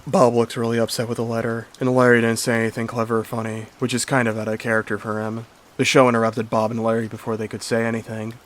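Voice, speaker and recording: A man's voice: fairly low pitch, fairly bright tone, a little hiss or hum. A man narrating a horror story in a plain, earnest storytelling manner. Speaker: creepypasta narrator. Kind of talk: story reading.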